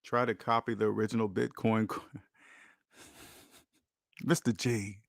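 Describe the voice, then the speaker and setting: A man's voice: lowish voice, little pitch movement, slow, vocal fry, dry recording, studio quality. A man hosting a finance channel, talking casually and preachily about money and debt, acting out the voices of people he quotes.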